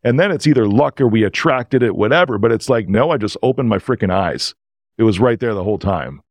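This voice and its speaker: A man, a podcast guest, telling a story in an animated, emotional, casual way. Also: fairly low pitch, fairly quick, no room sound.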